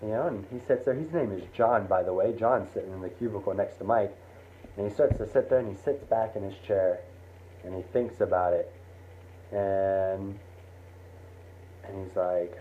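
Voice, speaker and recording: A man's voice: on the low side, normal speed, pauses often. A man telling a casual spoken story in a rambling way with many fillers and restarts. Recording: tinny phone-like line with faint hiss.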